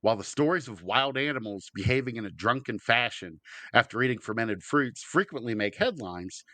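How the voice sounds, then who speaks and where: A man's voice: medium pitch, animated, fairly quick, sharp tone, no echo. A man co-hosting a comedy podcast, reading out news stories and laughing easily. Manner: laughs easily, reads headlines aloud. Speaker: podcast co-host.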